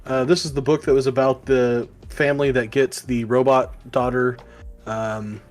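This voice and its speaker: A man co-hosting a casual comic review show, rambling and filling pauses with ums and likes. His voice sits at a middle pitch. Faint music plays quietly in the background. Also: little pitch movement. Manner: rambling, many fillers, acts out quoted lines. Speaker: podcast co-host.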